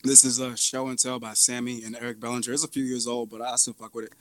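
A man's voice: medium pitch, level tone, fast talker, fairly bright tone, slight background noise. A man co-hosting a music podcast, telling stories in a laid-back, chuckling way. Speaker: podcast co-host. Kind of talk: casual chat.

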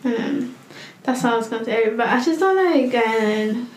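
A young woman talks on a podcast, pausing and searching for words as she goes. Her voice is a little high, and she sounds like she's in an echoey room. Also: animated. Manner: hesitant, halting, many "um" fillers. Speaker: podcast co-host. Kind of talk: casual podcast chat.

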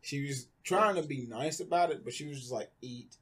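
A man's voice: mid-range voice, normal speed, fairly bright tone, slightly rough. A man candidly telling his personal story in a conversation, rambling with lots of fillers. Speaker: guest.

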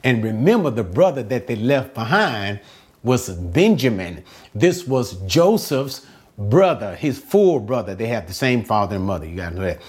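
A man's voice: mid-range voice, sing-song, normal speed, a little mellow. A man teaching verse-by-verse Bible commentary, emphatic and asking his listeners rhetorical questions, sometimes repeating words as he searches for the next thought.

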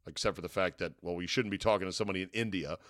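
A man's voice: deep voice, very fast, a bit bright, dry recording, clean studio sound. A man hosting a sports talk podcast, delivering a casual, digressive monologue with wry asides. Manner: wry, digressive, chuckles at his own asides.

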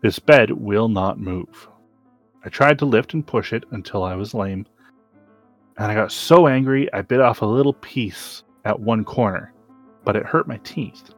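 A man with a fairly low voice reads a classic story aloud. His delivery is slow and deliberate, broken by sudden emphatic rises. Faint guitar and piano music plays softly underneath. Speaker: podcast host reading aloud. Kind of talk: dramatic reading of a classic story.

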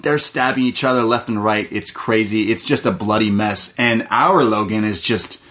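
Low-voiced man rambling through a movie recap. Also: moderate pace, fairly bright tone. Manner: rambling, profane, many fillers. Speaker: movie podcast co-host.

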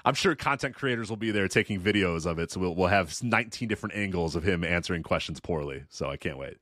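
A man's voice: sits low, animated, quick pace, a bit bright, no room sound. A man co-hosting a wrestling podcast, sardonic and rambling with frequent laughs on a close mic. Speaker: podcast co-host. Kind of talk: casual chat.

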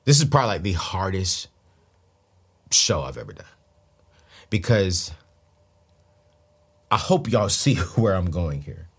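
Lively animated man talking to listeners. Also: deep voice, a little slow, long pauses, husky. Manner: animated, preachy, rising to loud emphatic bursts. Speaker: podcast host. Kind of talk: casual talk to listeners.

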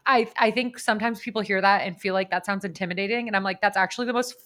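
Laughing, animated woman podcast co-host. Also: medium pitch, fast. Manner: animated storyteller, bursts into laughter. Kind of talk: casual chat.

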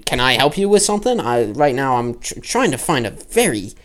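Brief: player voicing nervous street informant, repeats words, jumpy pitch, tabletop game. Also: male voice, sing-song, brisk, close to an everyday voice. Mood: awkward. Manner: stammering, repeats words, then a fake working-class accent. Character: scruffy male informant nicknamed Submarine.

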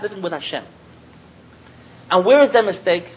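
A man giving a Torah talk as a sermon, an animated storyteller who repeats phrases and chuckles often. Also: sits high, normal speed, pauses often, low-quality recording. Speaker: Torah teacher.

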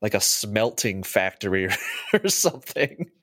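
A man's voice: on the low side, very animated, unhurried, a bit bright. Laid-back young man chatting. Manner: laid-back, many fillers, laughs easily. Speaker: podcast co-host. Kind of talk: casual chat.

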